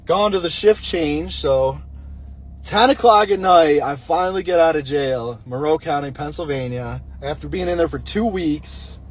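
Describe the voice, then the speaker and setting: A man's voice: a little high, moderate pace. A young man telling a personal story in a blunt, rambling casual monologue, with a nicotine pouch in his mouth.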